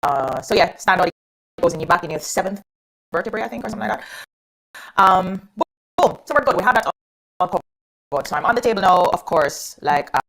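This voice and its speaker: A young woman tells her story as a guest on a radio talk show. Her voice sits a little low and husky, and it swings widely in pitch as she gets caught up in the telling. She talks casually and animatedly, laughing now and then. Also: lively intonation, fairly quick, long pauses, fairly bright tone. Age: young adult.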